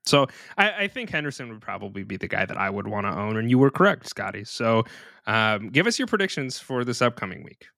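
A man's voice: lowish voice, sing-song, fairly quick, creaky, bright, forceful tone, no room sound, clean studio sound. A man hosting a podcast, talking in a chatty, informal way. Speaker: podcast host. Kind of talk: casual podcast chat.

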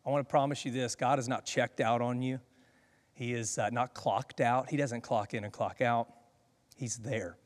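A male pastor preaching a sermon, swinging between loud, pleading questions and hushed, steady reassurance. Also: medium pitch, big-room sound.

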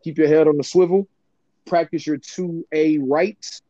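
A man's voice: on the high side, measured pace, no room sound, dull audio. Laughing, foul-mouthed podcast co-host, a man. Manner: laughs often, swears freely, lively sarcastic delivery. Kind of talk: casual podcast banter.

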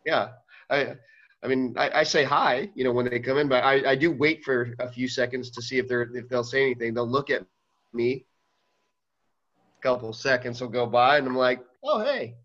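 A man who coaches fifth and sixth grade teams, telling a story in casual chat, halting and restarting often. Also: medium pitch, fairly even intonation, a bit bright, lo-fi sound.

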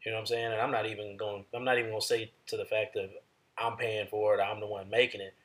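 Low-voiced guy talking plain and reflective, casual chat. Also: flat delivery, quick pace, a bit bright. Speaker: husband in a podcast conversation.

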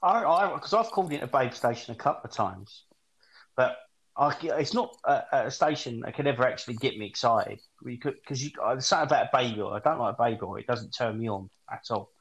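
Crude laughing English bloke telling stories. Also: male voice, medium pitch, brisk, low-quality recording. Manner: animated storytelling, swears a lot, laughs at own jokes. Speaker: podcast co-host. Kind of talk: crude comedic casual chat.

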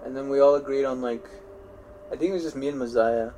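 A young man spins long, looping stories from his school days in a relaxed podcast chat. He keeps starting his sentences over and swears freely. He often breaks into laughter at his own tales. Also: medium pitch, fast talker, slight background noise. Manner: rambling storytelling with frequent restarts and swearing. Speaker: podcast co-host. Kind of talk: casual chat.

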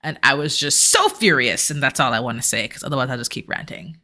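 A woman's voice: a bass voice, fast talker. A woman co-hosting a podcast who recaps a reality show in casual chat, ranting and acting out what people said. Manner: animated, acts out quotes, rants. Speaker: podcast co-host.

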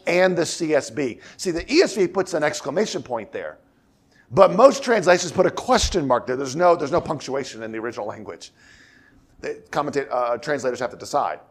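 A male pastor preaching an expository sermon. He explains the text step by step, repeats key phrases for emphasis, and slows down and softens when he quotes scripture. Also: fairly high pitch, gravelly. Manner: slows down and drops to a quiet tone when quoting scripture.

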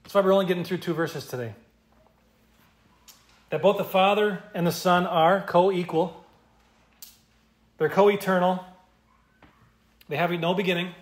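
A man's voice: high-pitched, unhurried, pauses often, echoey room. A male pastor preaching an expository sermon, emphatic and repeating key phrases for stress. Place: church.

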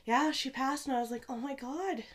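Rambling young woman, fairly high voice. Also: a little fast. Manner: rambling, heavy use of "like", swings from loud excitement to quiet. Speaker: podcast co-host. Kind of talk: casual chat.

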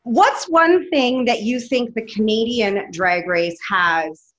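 A woman co-hosting an interview, asking curious, steady questions. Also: a little high, takes it slowly, dull audio. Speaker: co-host. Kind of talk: casual interview chat.

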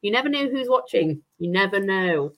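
A woman's voice: mid-range voice, lively intonation, moderate pace. A woman, an estate agent, chatting as an interview guest, rambling with many restarts and fillers. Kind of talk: casual interview chat.

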